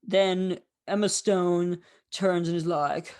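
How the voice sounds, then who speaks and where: A man gives his thoughts on a film in a loose, unscripted monologue. He has a somewhat high voice, rambles, and uses fillers freely as he talks. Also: normal speed. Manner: rambling, candid, with frequent fillers. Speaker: film review host. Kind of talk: casual film review monologue.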